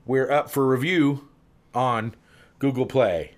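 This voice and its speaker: A man's voice: mid-range voice, takes it slowly, a little hiss or hum. A man hosting a podcast in casual, joking, rambling chat. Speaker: podcast host.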